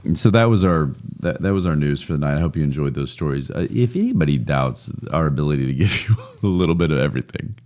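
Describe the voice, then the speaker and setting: A man with an extremely deep voice co-hosts a relaxed podcast. He tells news stories in a loose, chatty way, with plenty of jokey asides and laughter. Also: fast, few pauses. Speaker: podcast co-host. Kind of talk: casual podcast chat.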